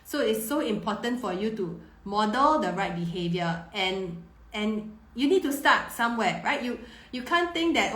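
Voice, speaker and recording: A woman in her thirties, a parenting coach, answers viewer questions on a live stream in a warm, reassuring way, often repeating words while she thinks. Her medium-pitched voice is animated and moderately paced, and the recording has a roomy echo.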